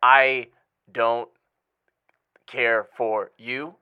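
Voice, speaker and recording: A man putting on a higher voice as a smug boss who giggles and dodges questions. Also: flat delivery, drawn-out words, clean tone, phone-quality sound. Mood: evasive. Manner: higher-pitched, giggly, evasive. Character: smug male boss caught in the bath.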